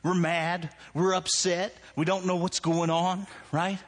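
A man in his forties preaching a sermon in a church, telling stories and acting out his own anger in loud bursts. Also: high-pitched, flat delivery, measured pace. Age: 40s. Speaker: pastor.

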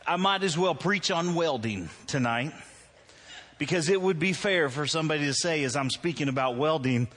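A man's voice: fairly high pitch, normal speed, a bit bright. A middle-aged man preaching a sermon in a church, joking and self-deprecating, laughing at his own stories before turning to prayer. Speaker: pastor. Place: church sanctuary.

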